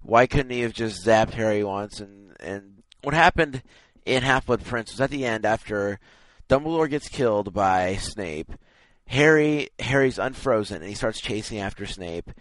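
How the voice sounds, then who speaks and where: A young man co-hosting a casual podcast, arguing his case with emphatic, animated energy. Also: lowish voice, moderate pace, hardly any pauses, dry recording, rough recording. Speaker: podcast co-host. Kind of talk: casual group discussion.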